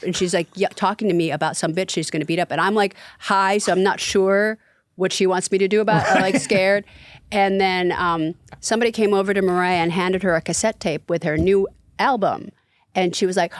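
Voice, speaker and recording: A middle-aged woman, a guest comedian, telling stories in casual podcast chat with halting restarts. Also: lowish voice, fairly even intonation, no room sound.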